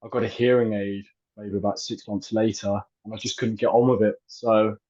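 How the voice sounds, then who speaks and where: Male guest, 30s, low-pitched, hesitant and filler-heavy; muffled lo-fi recording. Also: little pitch movement, moderate pace, darkish tone. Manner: hesitant, many fillers and restarts. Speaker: actor and filmmaker guest. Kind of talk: casual interview chat. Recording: dull lo-fi audio.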